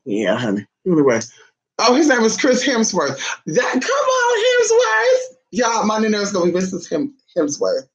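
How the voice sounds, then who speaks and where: A woman vlogger in casual chat to camera, sassy and chatty, calling her listeners honey and swinging her voice between high and low. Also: sing-song, fairly quick, highs cut off.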